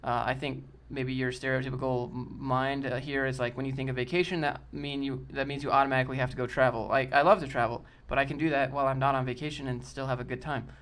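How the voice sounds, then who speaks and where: A man's voice: medium pitch, flat delivery, fast talker, few pauses, fairly bright tone. A man in casual live-stream chat, answering chat in a blunt, joking, brash way. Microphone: desk mic with a sock over it.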